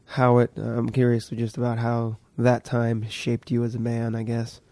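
Gravelly, mellow-voiced man hosting a podcast. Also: medium pitch, unhurried, no echo. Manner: relaxed, loose, swears freely. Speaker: podcast host. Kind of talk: casual conversation with a friend.

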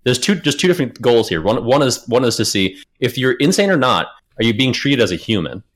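A man's voice: medium pitch, big pitch swings, brisk, a bit bright. A man hosting a casual podcast, retelling a story, reading passages aloud and swearing casually. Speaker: podcast host.

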